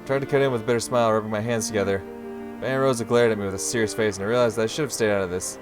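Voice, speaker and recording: A man's voice: on the low side, steady tone, very fast, over music. Profane young man reacting to a story game. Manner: loud, profane outbursts of reaction. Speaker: gaming streamer. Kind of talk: let's play, reading story aloud and reacting.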